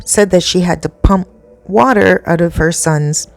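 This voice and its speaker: A woman's voice: lowish voice, unhurried, gravelly, soft background music. Chatty woman telling a spooky story. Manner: chatty and animated, many asides.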